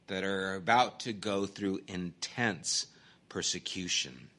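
Bright-voiced man preaching a sermon. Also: lowish voice. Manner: earnest, emphatic preaching with conversational asides. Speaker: pastor teaching a Bible study series.

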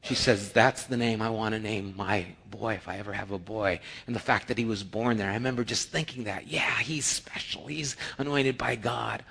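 A middle-aged male pastor preaching a sermon, telling personal stories and acting out the dialogue with rising excitement. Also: on the low side, normal speed, vocal fry, hardly any pauses, husky.

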